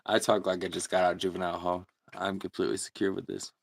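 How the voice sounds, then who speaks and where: A man's voice: sits low, flat delivery, fast, vocal fry, slight background noise. A man hosting a casual livestream, chatting laid-back with viewers and laughing often. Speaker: livestream host. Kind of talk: casual livestream chat reading comments.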